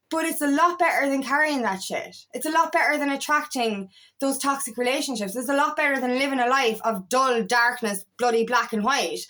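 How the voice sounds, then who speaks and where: A woman with a high voice talks straight to her listeners as a coach. She is blunt and passionate, swears freely, and keeps checking in with "do you know what I mean". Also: fairly bright tone. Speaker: feminine empowerment coach. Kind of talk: casual monologue to camera.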